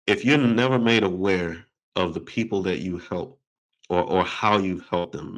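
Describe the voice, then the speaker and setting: A man hosting an interview, telling a story in a lively, conversational way and acting out the quoted voices. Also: deep voice, rough recording. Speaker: podcast host.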